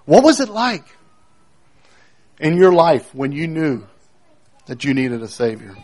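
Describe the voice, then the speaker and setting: Emphatic preacher, fairly high voice. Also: male voice, sing-song, measured pace. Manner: emphatic, repeats key phrases, swings between loud and hushed. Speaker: pastor. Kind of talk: sermon.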